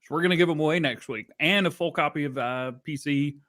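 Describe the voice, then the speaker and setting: A man's voice: on the high side, quick pace, fairly bright tone. A man hosting a podcast in joking, playful casual chat. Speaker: podcast host.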